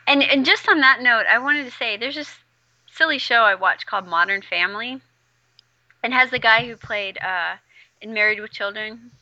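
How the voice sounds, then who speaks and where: Woman, casual co-host, reflective, very bright tone, slightly dull, dry recording. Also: fairly high pitch, moderate pace, no echo. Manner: reflective, laughs easily. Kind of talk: casual chat.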